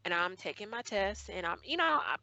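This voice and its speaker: A woman's voice: medium pitch, animated, brisk, pushed and bright, no room sound, lo-fi sound. Earnest woman telling a painful story. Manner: earnest, emotional retelling with acted quotes. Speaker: guest. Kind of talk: personal storytelling in conversation.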